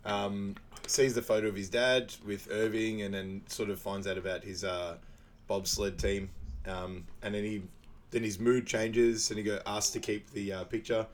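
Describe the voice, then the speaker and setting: A man co-hosting a podcast, chatting casually as he recaps a movie, breaking into loud, high voices for quotes and laughing often. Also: level tone, moderate pace, a little hiss or hum. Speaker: podcast co-host.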